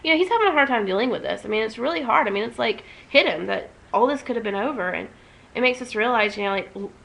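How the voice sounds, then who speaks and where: A woman's voice: on the high side, lively intonation, fast talker, gravelly, fairly bright tone, low-quality recording. A young woman vlogging at home, talking emotionally and rambling with many restarts. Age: young adult. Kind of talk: casual emotional vlog.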